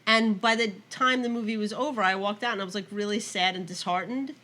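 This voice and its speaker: A young woman co-hosting a podcast, telling funny stories in casual chat, animated and quick to laugh. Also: mid-range voice. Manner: animated, laughs often, mimics voices in her stories. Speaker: podcast co-host.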